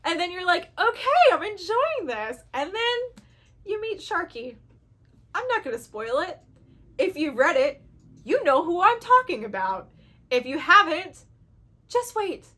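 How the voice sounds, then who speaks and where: A woman's voice: extremely high pitch, very animated, normal speed, pauses often, sharp tone. A woman chatting casually to camera about books she loves, gushing and acting out her own reactions. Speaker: book reviewer.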